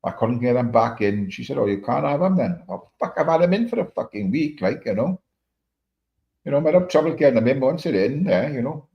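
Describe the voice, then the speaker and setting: A man's voice: medium pitch, big pitch swings, brisk. A middle-aged man from Wales with a Welsh accent, chatting casually on a livestream, rambling through stories and swearing a lot. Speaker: livestream host. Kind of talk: casual chat. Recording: dull lo-fi stream audio.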